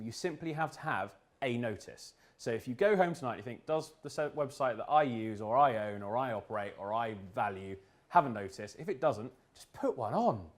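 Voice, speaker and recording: Male speaker for a live talk, wry, jokey, quick asides, mid-pitched. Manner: joking, quick asides, restarts. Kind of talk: humorous presentation. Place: event room with an audience.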